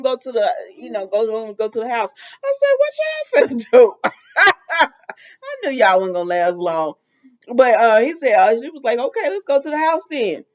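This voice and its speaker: A woman's voice: medium pitch, darkish tone, muffled recording. A woman casually recapping a soap opera episode, retelling scenes in quoted lines and making asides to her viewers.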